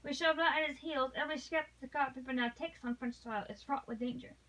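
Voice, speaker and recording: A woman voicing an earnest, loyal young English gentleman in formal period speech, read aloud from a novel. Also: high voice, fast, recorded from a distance, poor audio.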